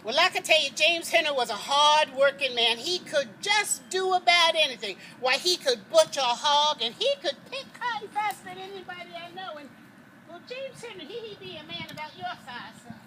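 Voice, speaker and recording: A woman's voice: high-pitched, animated, moderate pace, pushed and bright. A woman playing a folksy, proud freed slave woman who talks straight to her listeners, performing outdoors near a road. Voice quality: folksy dialect, chuckling, addresses listeners directly. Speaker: living history performer. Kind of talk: first-person historical character monologue. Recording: noisy outdoor recording with passing traffic.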